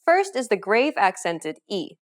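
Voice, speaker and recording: A woman narrating a scripted pronunciation lesson in a clear, instructive manner. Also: mid-range voice, very animated, measured pace. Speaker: language teacher.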